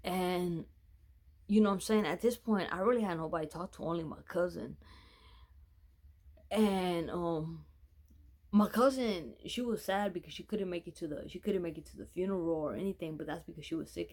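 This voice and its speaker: A man's voice: a little high, normal speed, a little mellow. A man telling a personal story in a casual, rambling way, correcting himself often and swearing freely.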